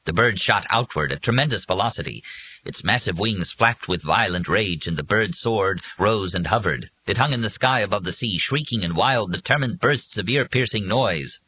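A man reading an audiobook in a husky voice with dramatic, expressive scripted narration. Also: on the low side, normal speed, poor audio.

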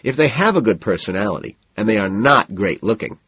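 A man's voice: lowish voice, animated, fairly quick, a bit bright, slightly rough, no echo, lo-fi sound. A man voicing a tipsy, boastful young male banker who talks crudely, in an audiobook. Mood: swaggering. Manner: crude, swaggering.

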